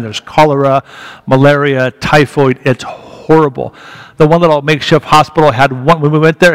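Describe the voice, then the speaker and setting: A man speaking as a guest at a church, telling a story to the congregation in a candid, conversational way with rising emphasis. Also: mid-range voice. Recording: reverberant church hall.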